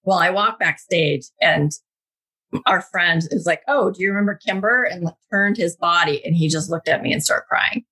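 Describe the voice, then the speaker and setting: A woman in her thirties, a guest telling a personal spiritual story in an animated, casual way. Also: fairly low pitch, normal speed, husky.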